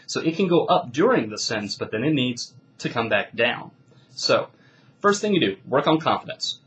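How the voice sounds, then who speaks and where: A man's voice: mid-range voice, big pitch swings, normal speed, a bit bright, slight background noise, poor audio. A man coaching debaters, giving instruction in an emphatic, declarative way. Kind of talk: instructional talk.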